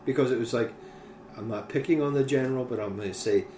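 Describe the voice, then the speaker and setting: A man chatting casually as a podcast co-host, telling stories in an animated way and swearing freely. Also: mid-range voice, fast, distant mic. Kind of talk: casual chat. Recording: echoey room with faint noise.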